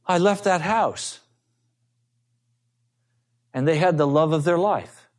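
A man preaching a sermon as pastor, earnest, telling stories and acting out the people in them. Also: a little high. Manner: slow, earnest preaching with acted-out quotes.

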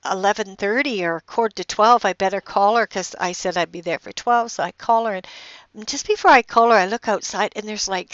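An older woman giving a chatty motivational talk, halting and restarting often and laughing as she goes. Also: medium pitch, dry recording, dull audio.

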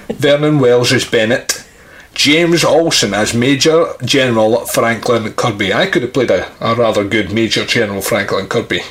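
A man doing a crude comic impression of a famous actor, gruff and grumbling. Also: medium pitch, a bit bright, voice pushed down, natural voice. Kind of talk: comedy sketch impression.

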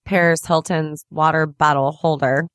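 Lower-voiced joking woman co-host. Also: fairly even intonation, normal speed, no room sound, studio quality. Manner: agreeable, joking. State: sick, coughing. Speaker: podcast co-host. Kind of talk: casual podcast chat.

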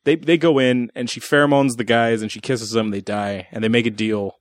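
A man's voice: mid-range voice, steady tone, fairly quick, no echo, clean studio sound. A man co-hosting a podcast, sarcastically picking apart a bad movie's plot holes, swearing freely. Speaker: podcast co-host. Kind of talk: casual movie review chat.

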